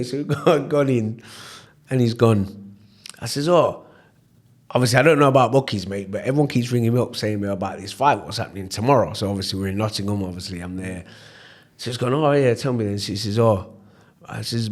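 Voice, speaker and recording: A man with a Leicester English accent tells stories in a relaxed podcast interview. He talks with lively energy, puts on the voices of the people in his anecdotes, and keeps checking in with his listener. His voice sits at an ordinary middle pitch for a man. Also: a little fast. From England. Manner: animated storyteller, acts out voices, repeats "you know what I mean". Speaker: interview guest, former professional boxer. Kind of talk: storytelling in casual interview chat.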